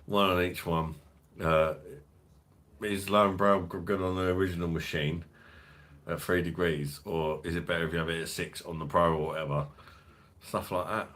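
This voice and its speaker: A man's voice: low-pitched, fairly even intonation, normal speed, a bit bright. A man hosting a casual beer livestream, rambling, swearing freely and laughing as he reads chat. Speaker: beer review channel host. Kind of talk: casual livestream chat reading viewer comments.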